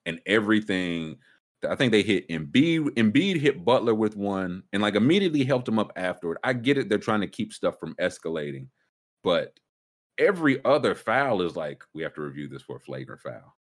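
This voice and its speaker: A man hosting a casual sports talk show, ranting with big swings up in pitch when worked up. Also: big pitch swings, moderate pace. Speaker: sports podcast host.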